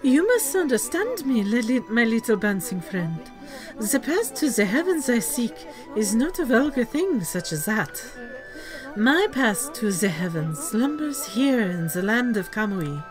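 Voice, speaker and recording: A woman's voice: a little high, sing-song, music in the background. Woman doing a smug French-accented prophet. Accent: put-on French. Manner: slow, suave, mock-elegant. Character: smug male prophet, pretty boy, theatrical.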